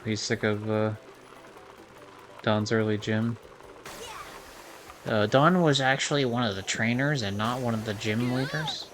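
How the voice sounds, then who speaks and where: A man's voice: mid-range voice, measured pace, pauses often, noisy background. A young man streaming a kart racing game, chatting casually in a rambling way, full of fillers and swearing. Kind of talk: casual gameplay commentary.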